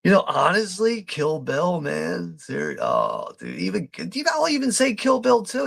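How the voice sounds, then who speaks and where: Man, gravelly fry, dry close mic, casual live movie commentary, swears a lot. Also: sits high, wildly swooping pitch, normal speed, few pauses, fairly bright tone, dry recording. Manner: laid-back, swears freely, laughs often. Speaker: watch party host.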